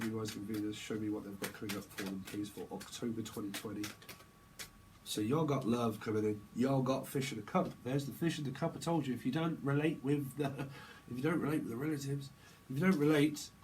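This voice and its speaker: A man's voice: mid-range voice, brisk, darkish tone, slight background noise, poor audio. A man giving a casual, rambling tarot reading, joking and laughing often. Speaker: tarot reader.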